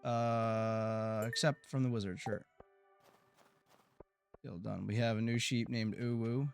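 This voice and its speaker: An American man with a mid-pitched voice, rambling through a game stream and talking back to his chat. His words often trip and repeat, and then he jumps into sudden excited outbursts. Faint game music plays underneath. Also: slow pace, gravelly, pauses often. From United States. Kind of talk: casual gameplay commentary to chat.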